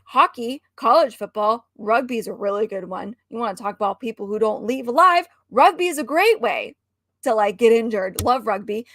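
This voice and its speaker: Female co-host, high and sharp, exasperated ranter, dry close sound. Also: no echo. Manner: animated, ranting and exasperated. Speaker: stream co-host. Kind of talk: casual chat.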